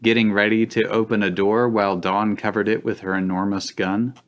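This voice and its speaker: A man narrating fanfiction aloud for laughs on a live stream, dry and deliberate. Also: fairly low pitch, level tone, muffled recording. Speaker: narrator and host.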